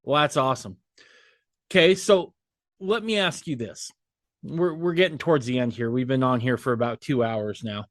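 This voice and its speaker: A man hosting a podcast, asking questions in a relaxed, curious way. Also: mid-range voice, normal speed, no room sound, clean studio sound. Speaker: podcast host. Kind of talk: casual interview chat.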